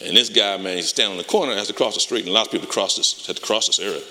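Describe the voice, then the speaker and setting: A man preaching a sermon as pastor, telling stories with lively call-and-response energy. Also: fairly low pitch, racing. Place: church sanctuary. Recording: long reverb of a church hall.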